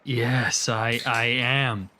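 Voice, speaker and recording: A man playing a tabletop game, describing his character's actions earnestly and deliberately. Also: medium pitch, little pitch movement, bright, forceful tone. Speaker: player.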